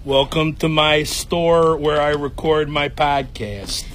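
A man's voice: a little high, steady tone, slow, a bit bright, a little hiss or hum. A man from Chicago with a Chicago accent, a podcaster talking playfully in a casual interview.

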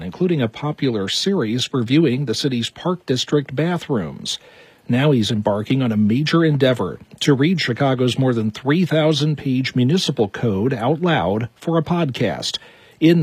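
A man news anchor reading a scripted introduction in a steady, formal way. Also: medium pitch, moderate pace, breathy edge, dry recording.

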